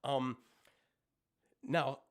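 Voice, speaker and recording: A man's voice: mid-range voice, little pitch movement, extremely slow. A man, a vocal coach, explaining singing technique in a live-streamed lesson, with many ums and restarts as he talks. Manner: explains technique, breaks off to demonstrate screams.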